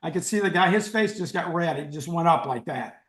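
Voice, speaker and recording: Animated older male storyteller. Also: fairly high pitch, fairly quick. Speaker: guest. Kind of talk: storytelling in an interview. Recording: roomy echo.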